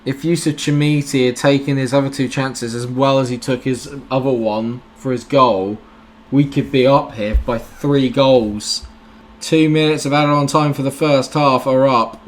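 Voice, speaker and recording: A man doing let's-play commentary on a football management game, talking to the players on screen and cheering loudly at big moments. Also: mid-range voice. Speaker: gaming YouTuber.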